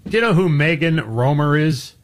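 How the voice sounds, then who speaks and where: A man's voice: a little high, lively intonation, moderate pace. A man co-hosting a talk show, giving blunt, emphatic opinions with folksy turns of phrase. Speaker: co-host. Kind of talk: opinionated talk radio chat.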